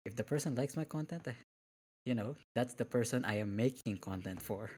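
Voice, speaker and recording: A man's voice: medium pitch, expressive, fairly quick, a little mellow, slight background noise. A man being interviewed as a guest on a casual podcast, speaking hesitantly and laughing between words.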